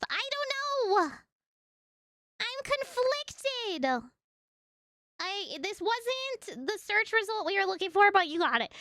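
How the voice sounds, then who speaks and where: A woman streamer chatting casually, excitable and giggly, swearing freely. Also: very high-pitched, dry recording, studio quality. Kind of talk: casual chat.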